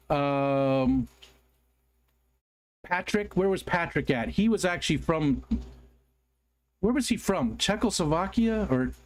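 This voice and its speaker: A man from the United States hosts a relaxed livestream, talking to his viewers and answering their comments as they come in. His voice sits a little high for a man. He rambles and apologizes freely, filling pauses with ums and restarting his sentences. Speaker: livestream host. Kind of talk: casual livestream chat, reading viewer comments aloud.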